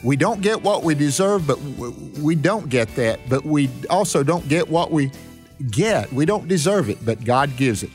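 A man's voice: on the high side, animated, normal speed, faint music behind. A man hosting a radio Bible study as a pastor, talking with earnest preacherly emphasis.

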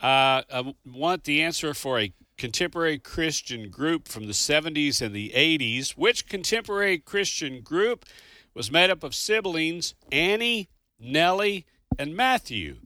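Bright dry-voiced radio host man. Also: a little high, very animated, a little slow, no echo. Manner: friendly, greets callers. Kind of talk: casual radio chat.

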